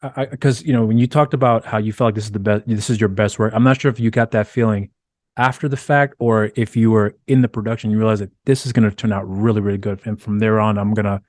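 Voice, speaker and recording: A man's voice: lowish voice, fairly even intonation, quick pace, a little mellow, dry recording, studio quality. A male interviewer asking long, rambling questions in a casual conversation.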